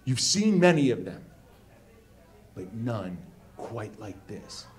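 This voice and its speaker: A man voicing a solemn, grandiose male film director who speaks slowly in a hushed, theatrical build-up. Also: fairly low pitch, very animated, pitched below the performer's own voice.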